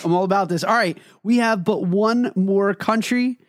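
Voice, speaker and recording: Excitable male co-host, casual, dry close-miked sound. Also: high-pitched, moderate pace, dry recording. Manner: excitable, enthusiastic. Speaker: podcast co-host. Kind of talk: casual chat.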